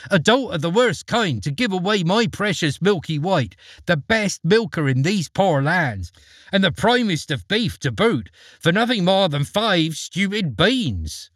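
A man voicing a shrill, fierce-tempered peasant mother who scolds in rapid outbursts in a storybook reading. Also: very animated, no echo, studio quality. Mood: furious.

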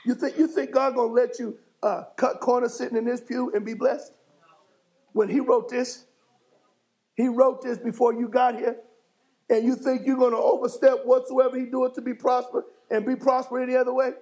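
Gravelly high-voiced preaching bishop. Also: male voice, level tone, moderate pace, rough recording. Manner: fiery call-and-response preaching, rising to shouts. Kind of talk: sermon. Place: church sanctuary.

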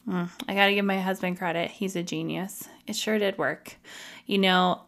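A woman's voice: fairly low pitch, steady tone, normal speed, a bit bright. A woman hosting a podcast, telling her own story in a candid, emotional, confessional way. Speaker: podcast host.

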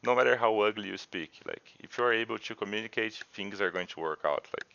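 A man's voice: lowish voice, quick pace, creaky, bright, forceful tone. A non-native English-speaking man telling casual stories in a chatty way, often saying "like". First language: not English. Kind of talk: casual storytelling. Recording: dull lo-fi audio.

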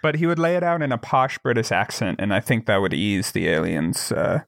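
A man co-hosting a podcast in casual chat, loose and profane, laughing often and talking in quick bursts. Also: lowish voice, gravelly, a bit bright, no echo, clean studio sound. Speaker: podcast co-host.

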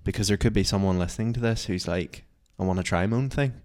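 A young man with a very low voice chats on a podcast. He rambles loosely, with "like" in nearly every phrase. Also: fast talker, darkish tone. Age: young adult. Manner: rambling, heavy use of "like". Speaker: podcast co-host. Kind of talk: casual chat.

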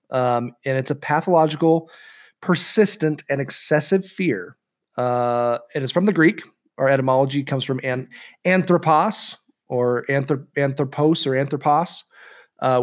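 A man co-hosting a podcast in casual chat, rambling and breaking off his own sentences with a joking tone. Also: medium pitch. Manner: rambling, self-interrupting, jokey. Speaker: podcast co-host.

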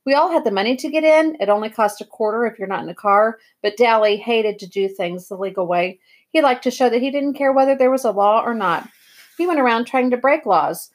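A woman reading a novel aloud in a plain, even first-person narration. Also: on the high side, brisk. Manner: plain, even read-aloud with throat clearing. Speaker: reader.

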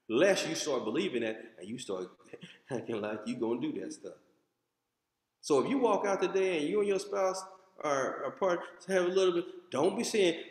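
An American pastor with a fairly high male voice delivers a sermon at a normal pace in a church sanctuary, where the sound echoes. His preaching is animated and conversational, dotted with asides to the congregation.

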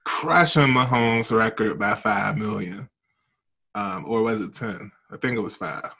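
Gravelly low-voiced man talking sports. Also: a little slow, bright, forceful tone. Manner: laid-back, laughs easily, slangy. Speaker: sports talk co-host. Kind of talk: casual sports chat.

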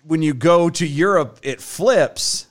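A man's voice: fairly high pitch, takes it slowly. A man chatting casually on a panel and making jokes. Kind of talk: casual chat.

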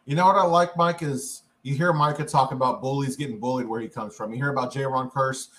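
A man hosting a sports podcast, steady and friendly as he introduces and steers the talk. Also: medium pitch, fairly quick, slight background noise. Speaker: podcast host. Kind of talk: casual sports chat.

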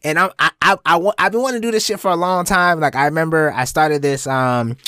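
A young man hosting his own podcast, telling a story in a casual, profane way and jumping into high-pitched bits. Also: fast, bright, forceful tone, smooth, no echo, clean studio sound. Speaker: podcast host.

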